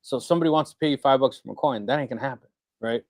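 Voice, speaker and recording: Talking very fast, a middle-aged co-host keeps a casual maker Q&A stream lively with anecdotes, acting out the voices of those he quotes. His medium-pitched voice comes through close-miked and dry, free of echo, in a relaxed hobbyist setting.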